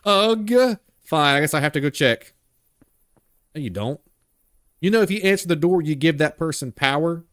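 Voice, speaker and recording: A man hosts a horror game live stream in a loose, rambling, joking way. His voice sits a little high for a man. The sound is dry and close. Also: a bit bright, dry recording. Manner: jokey, rambling, laughs a lot. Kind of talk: casual live-stream chat.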